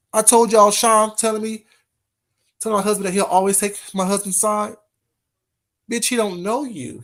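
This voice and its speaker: On a casual livestream, a man with a high-sitting, fairly bright voice gets worked up as he talks right to his chat, repeating his phrases.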